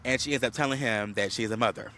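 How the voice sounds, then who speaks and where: Speaking fast in a medium pitch, a man co-hosting a podcast gives a casual reality-show recap. He animatedly acts out quotes, packs in fillers, and lets out a slight cough.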